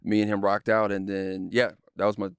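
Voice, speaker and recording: A man with a low, smooth voice tells a story as a guest in a casual chat. He speaks steadily and acts out what others said. The sound is dry. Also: flat delivery, brisk, dry recording.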